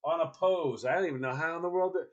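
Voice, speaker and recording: A man chatting casually and telling a funny story, acting out the people in it with lively energy. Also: on the high side, quick pace, dull audio. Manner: animated, acts out people in his stories.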